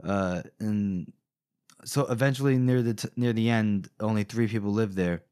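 A man's voice: fairly low pitch, normal speed, a little mellow, clean tone, dry recording, studio quality. A young adult man co-hosting a podcast, casually recapping a book and laughing often. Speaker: podcast co-host.

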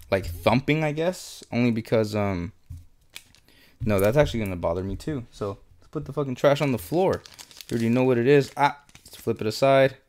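A man's voice: medium pitch, a little mellow. A young man in casual unboxing commentary, listing cards as he sorts them, swearing often and muttering his frustration. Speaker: YouTuber opening trading card packs.

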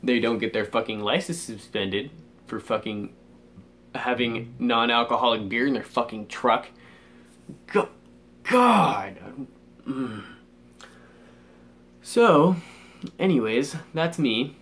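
A man's voice: medium pitch, lively intonation, slow pace, long pauses, a bit bright. Swearing, exasperated teenage guy ranting. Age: teens. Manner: swears constantly, exasperated, rants with sighs. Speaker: vlogger. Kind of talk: angry ranting vlog.

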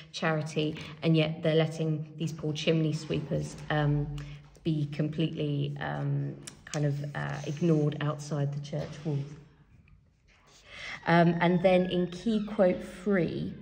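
A woman's voice: sits low, creaky, mellow. A woman teacher giving a revision tutorial, thinking aloud as she writes and reads from a help sheet, with many fillers. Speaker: English teacher. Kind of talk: revision tutorial while writing.

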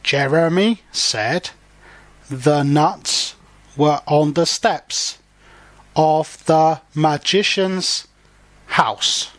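Slow, patient man reading a picture book. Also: fairly high pitch, fairly bright tone. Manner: slow, simple explanations for children. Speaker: storybook reader and language teacher. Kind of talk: reading a picture book aloud with explanations for learners.

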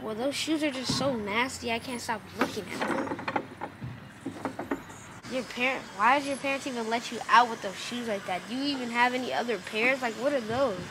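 A woman's voice: on the high side, normal speed, heavy background noise, natural voice. A young woman acting as a mean, mocking girl bully in a playground skit, taunting and whiny. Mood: sneering. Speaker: actor in a family skit. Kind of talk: improvised home video skit. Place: outdoor playground.

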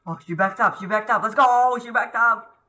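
Man, horror gameplay commentary, high voice, very bright and tense tone, yelps and pleads at the screen. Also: moderate pace. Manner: jumpy, yells and pleads at the ghost. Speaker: gaming YouTuber. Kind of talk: horror let's-play commentary.

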